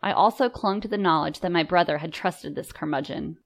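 A woman reading a story aloud in measured, composed first-person narration. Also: deep voice, vocal fry. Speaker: audiobook narrator.

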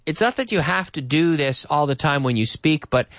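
A man runs an English lesson, repeating short questions and answers and breaking into explanations for his learners. His voice sits a bit high and swings widely in pitch. The sound is dry and close, with no room around it. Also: expressive, normal speed, a bit bright, no echo. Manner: drills example phrases, repeating questions and answers. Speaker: English teacher. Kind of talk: live English lesson for Spanish speakers.

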